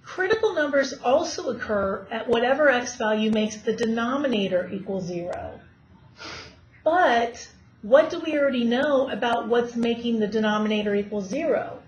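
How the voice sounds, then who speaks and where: Woman teacher lecturing a class, kinda high voice, dull lo-fi sound with faint hiss. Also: animated, moderate pace. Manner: asks students questions while working problems. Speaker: math teacher.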